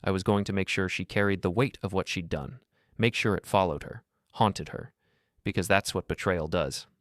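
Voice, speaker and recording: A middle-aged man narrating a first-person revenge story in a cold, measured, deliberate way. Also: sits low, dry recording, clean studio sound.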